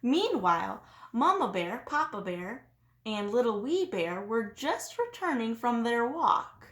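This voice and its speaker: A woman teacher reading a children's story aloud, expressive and sing-song. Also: fairly high pitch, unhurried, roomy sound.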